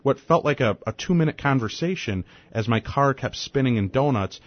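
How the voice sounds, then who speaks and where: A man in his forties hosting a radio talk show, chatting and telling a story in a lively, conversational way. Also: mid-range voice, normal speed, no room sound. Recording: dull lo-fi radio sound.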